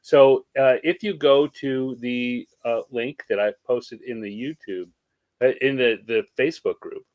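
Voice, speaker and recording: A man's voice: medium pitch, a little slow, a little mellow, no echo, lo-fi sound. Playful man co-hosting a podcast. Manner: playful, jokey banter; organized, walks through the plan. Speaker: podcast co-host. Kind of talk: casual podcast chat.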